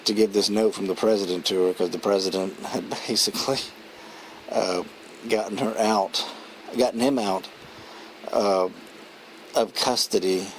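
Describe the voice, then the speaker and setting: A man's voice: fairly low pitch, fairly even intonation, measured pace, long pauses, a little hiss or hum, low-quality recording. A man giving a casual, rambling spoken film review, chuckling as he retells scenes. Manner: rambling, chatty, many restarts and fillers.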